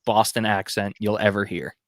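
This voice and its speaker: A man's voice: lowish voice, fairly even intonation, moderate pace, no echo, clean studio sound. A man co-hosting a music podcast, chatting eagerly with many "like"s. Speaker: podcast co-host. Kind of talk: casual music podcast chat.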